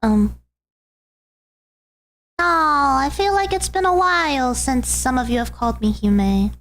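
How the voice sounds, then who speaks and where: A woman streaming and chatting casually with her audience. Her voice sits a little high, and she talks in a fond, doting way. Her speech rambles warmly from one thought to the next. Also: animated, takes it slowly, slight background noise. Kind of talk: casual chat with viewers.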